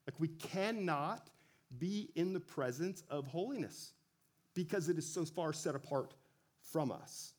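A man giving a relaxed sermon, talking conversationally with frequent self-corrections and joking asides. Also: fairly high pitch, moderate pace. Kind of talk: casual sermon.

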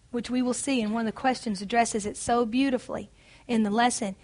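Woman, Bible study teacher, earnest and encouraging, fairly high voice. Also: moderate pace.

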